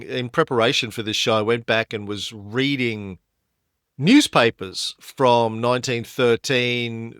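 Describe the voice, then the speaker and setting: A man's voice: mid-range voice, fairly bright tone, clean tone, dry recording, studio quality. A man co-hosting a history podcast, explaining events with frequent fillers and restarts. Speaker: podcast co-host.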